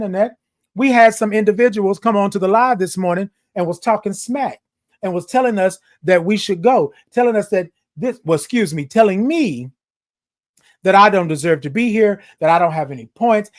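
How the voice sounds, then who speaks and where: Passionate, emphatic live-stream host. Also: mid-range voice. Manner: passionate, emphatic, raises voice, preachy repetitions. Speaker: livestream show host. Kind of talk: animated live-stream talk to viewers.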